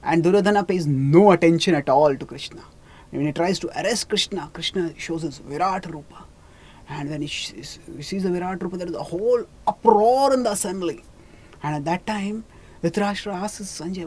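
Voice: medium pitch, a little mellow, slight background noise. A spiritual teacher retelling a scripture story in a sermon, often stumbling over names and restarting phrases. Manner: halting, with many restarts and asides.

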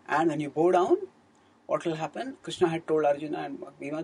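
A man's voice: on the high side, fairly quick, vocal fry, darkish tone, husky, low-quality recording. A man giving a scriptural storytelling discourse as a spiritual teacher, in an earnest manner, often correcting himself. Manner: earnest, fluent retelling with frequent self-corrections.

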